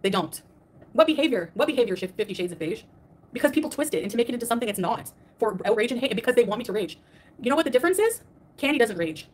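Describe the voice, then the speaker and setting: A woman's voice: fairly high pitch, big pitch swings, racing. A woman streamer ranting defensively on a livestream, emphatic and repetitive as she answers her critics. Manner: defensive and emphatic, repeats herself. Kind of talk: livestream rant.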